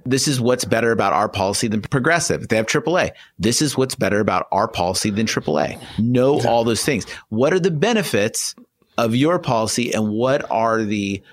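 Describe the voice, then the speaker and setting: A man's voice: fairly low pitch, animated, brisk, dry recording. A man co-hosting a casual podcast, giving emphatic advice and saying "dude" often. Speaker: podcast co-host. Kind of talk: casual chat.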